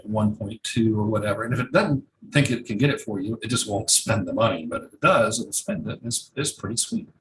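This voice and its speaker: Man, mid-pitch, casual profane instructor thinking aloud, faint noise under the voice. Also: poor audio. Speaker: marketing instructor. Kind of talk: casual screen-share tutorial.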